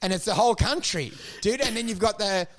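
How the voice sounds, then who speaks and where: A man co-hosting a crude comedy podcast, riffing excitedly, swearing and laughing. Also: high-pitched, fairly quick. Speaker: podcast co-host.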